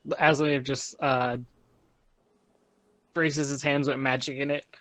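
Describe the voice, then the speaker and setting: A man playing a tabletop game, speaking in a halting way. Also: medium pitch, flat delivery, a bit bright, no room sound. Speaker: player. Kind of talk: casual tabletop play.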